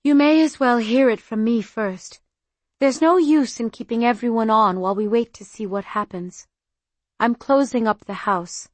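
A woman voicing a kind, grieving wealthy lady of the house in an audiobook, speaking gently and wistfully. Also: fairly high pitch, normal speed, no echo, natural voice.

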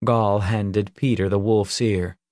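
A man narrating an audiobook in measured, even storytelling. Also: lowish voice, dry recording, clean studio sound.

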